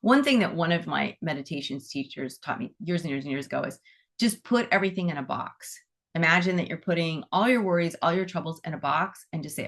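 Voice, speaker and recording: A woman with a fairly low voice talks informally to a class about animal Reiki. She is chatty, leans on "like" and "you know," and slips into little quoted voices to act out what people think and say. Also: lively intonation, fast. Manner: chatty, acts out inner dialogue in quoted voices; frequent "like" and "you know" fillers. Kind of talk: casual spoken talk to a class.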